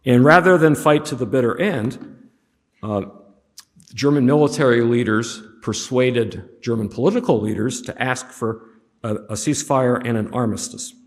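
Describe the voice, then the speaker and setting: A man giving a history lecture in a room with a long, ringing reverb. His voice sits at an ordinary middle pitch. He talks casually and drops joking asides between points. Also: normal speed. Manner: conversational with humorous asides. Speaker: history teacher. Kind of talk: classroom lecture with slides.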